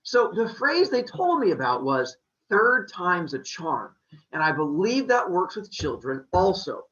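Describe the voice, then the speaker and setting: A man's voice: sits high, big pitch swings, a little slow, fairly bright tone, lo-fi sound, exaggerated voice. A man voicing Mother Earth, a coaxing goddess wife and mother, in a sweet, wheedling manner. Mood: persuasive.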